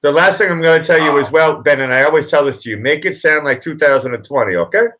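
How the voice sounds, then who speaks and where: A man with a slightly high voice hosting a casual livestream. He talks bluntly and pushes his points, repeating words to drive them home. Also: quick pace, a bit bright, low-quality recording. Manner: blunt, insistent, repeats himself. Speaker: livestream host. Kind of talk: casual live chat.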